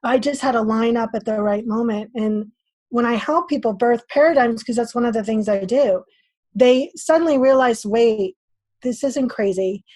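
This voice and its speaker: A woman guest on a podcast, telling a story in a lively way and acting out her own thoughts. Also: fairly high pitch, moderate pace, dry recording. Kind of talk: casual interview talk.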